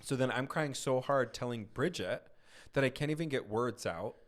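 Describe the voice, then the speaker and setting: A man with a mid-range voice co-hosts a casual chat podcast, speaking at normal speed. He's an animated storyteller who acts out the quotes in his stories.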